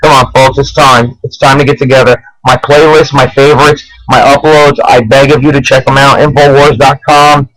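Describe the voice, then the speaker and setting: A man's voice: mid-range voice, flat delivery, moderate pace, hardly any pauses, fairly bright tone, dry recording, poor audio. A man from New Jersey hosting his own web show, delivering an urgent, pleading political rant and begging viewers to act. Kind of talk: impassioned political vlog rant.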